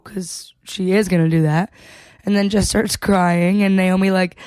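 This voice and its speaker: A woman's voice: medium pitch, normal speed, a little mellow, no room sound. A woman co-hosting a podcast, casually recapping an episode in a chatty way, swearing freely and laughing between points. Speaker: podcast co-host.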